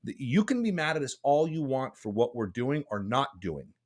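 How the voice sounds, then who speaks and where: A man's voice: mid-range voice, big pitch swings, normal speed. A man hosting a podcast, talking bluntly and passionately, rambling with restarts. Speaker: podcast host. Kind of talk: casual podcast chat.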